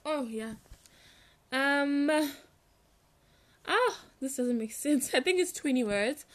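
A young woman chats to camera in a casual storytime vlog. Her voice sits a little high, and she rambles along with lots of fillers and self-corrections. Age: young adult. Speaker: vlogger.

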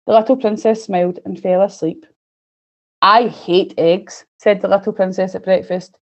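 A woman reads a picture book aloud for young children, clear and gently expressive. Her voice is mellow and soft-edged. The recording is slightly muffled. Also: mid-range voice, a little fast. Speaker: early years student presenter. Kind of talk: reading a story aloud to children.

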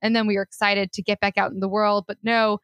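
A woman's voice: mid-range voice, little pitch movement, fast, fairly bright tone, no echo. A woman co-hosting a casual chat with friends, rambling and self-mocking as she tells a story. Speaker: podcast co-host.

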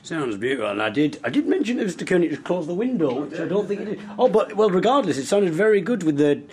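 Teesside man, podcast host, playful and jokey, bright animated voice, hotel room chat. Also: high voice. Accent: Teesside English. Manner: jokey, teasing, quick asides. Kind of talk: casual chat. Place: hotel bedroom.

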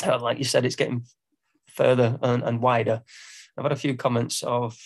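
A man's voice: medium pitch, flat delivery, moderate pace, creaky. A man with an English accent, a singer-songwriter guest on a podcast, who talks hesitantly with lots of ums and laughs at himself. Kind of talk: casual podcast interview.

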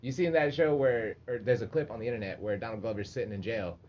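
A man's voice: lowish voice, quick pace. A man chatting as a podcast guest, telling stories with energy and swearing freely. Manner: animated storyteller, swears freely. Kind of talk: casual chat. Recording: dull lo-fi sound with faint noise.

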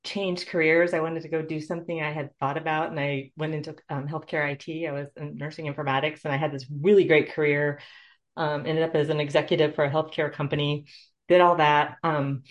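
A woman's voice: deep voice, little pitch movement, a little fast, highs cut off. A middle-aged woman, a nurse, telling her personal story in an interview in an earnest, heartfelt way. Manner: earnest, heartfelt, tearful at moments. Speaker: guest, nurse.

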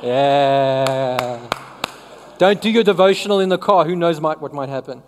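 A woman's voice: deep voice, measured pace, big-room sound, a little hiss or hum. A woman preaching a sermon in a conversational way, often asking the congregation questions.

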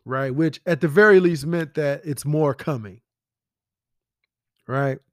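Blunt, profane man with a slightly high voice. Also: slow pace, no room sound, clean studio sound. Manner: blunt, profane, fires rhetorical questions. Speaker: podcast host. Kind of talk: casual commentary monologue.

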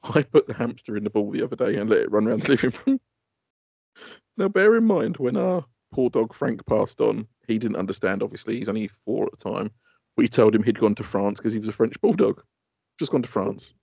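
A man telling casual, animated stories on a podcast, swearing and laughing often. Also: lowish voice, fairly quick, creaky, breathy edge, dry recording, muffled recording. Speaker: podcast co-host. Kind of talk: casual chat.

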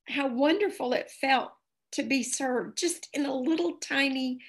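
A woman guest telling earnest, animated personal anecdotes in casual conversation. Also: high voice, unhurried. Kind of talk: casual storytelling.

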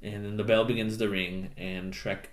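A man co-hosting a casual podcast, recapping a film with lots of laughter and quick impressions of the characters. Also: fairly low pitch, flat delivery, roomy sound. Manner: laughing, acts out lines in silly voices. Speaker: podcast co-host. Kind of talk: casual movie recap chat.

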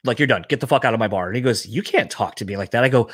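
A man's voice: mid-range voice, very fast, few pauses, husky, dry recording. A man who works as a bar bouncer, telling a story in casual chat, swearing freely and acting out what everyone said. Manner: profane, animated storyteller acting out quotes.

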